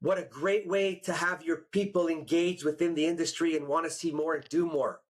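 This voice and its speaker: A man hosting a podcast, his voice a little husky and pitched somewhat high for a man. He chats casually and tells stories with gusto, acting out the voices of people he quotes. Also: a little fast. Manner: animated storyteller, acts out quotes. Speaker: podcast host. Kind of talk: casual chat.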